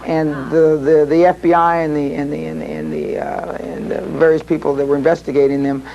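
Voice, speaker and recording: A man addresses a seminar crowd in a fairly high voice, spinning long, rambling anecdotes. He slips into the voices of the people in his stories as he goes. A faint hum of the room sits underneath. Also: a little fast, gravelly, mellow, dull audio. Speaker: seminar speaker. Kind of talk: live seminar storytelling.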